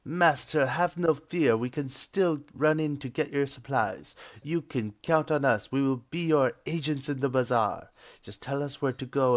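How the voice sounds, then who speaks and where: A man's voice: medium pitch, voice pushed up, lightly acted. A man voicing earnest young male painter's apprentices who speak in an eager, reassuring and deferential way.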